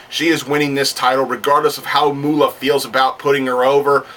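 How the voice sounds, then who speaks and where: A man's voice: medium pitch, flat delivery, brisk, hardly any pauses, fairly bright tone, far from the mic, slight background noise. A man rambling in a casual talking-to-camera monologue, often restarting his sentences and getting worked up, with some swearing. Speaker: wrestling fan vlogger.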